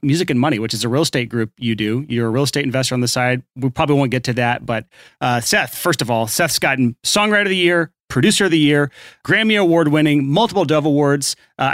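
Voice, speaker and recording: A man's voice: on the high side, fairly bright tone, no room sound, studio quality. A man hosting a podcast in a casual, playful, teasing way. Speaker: podcast host.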